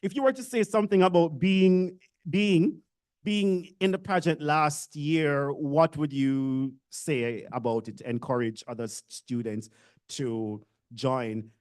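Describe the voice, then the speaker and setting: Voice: medium pitch, slow, darkish tone. A speaker with a Jamaican accent gives a casual orientation address to new university students, joking and teasing the audience. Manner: joking, self-deprecating, chatty with the audience.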